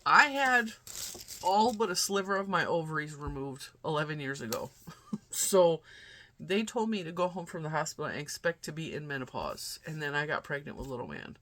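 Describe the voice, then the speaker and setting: Chatty woman in her forties, bright voice. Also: deep voice, lively intonation, moderate pace, a little hiss or hum. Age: 40s. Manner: rambling and chatty, acting out quoted dialogue. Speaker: crochet vlogger. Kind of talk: casual chat.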